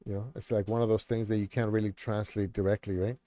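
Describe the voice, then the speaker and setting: A man's voice: on the low side, little pitch movement, fast, warm tone, no echo. A middle-aged man hosting a casual chat stream, rambling with lots of fillers and restarts. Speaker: streamer host.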